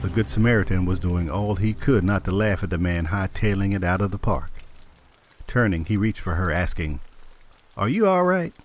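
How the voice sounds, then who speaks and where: Male audiobook narrator, very low pitch, measured and even delivery, faint music bed. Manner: measured, steady storytelling. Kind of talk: scripted narration.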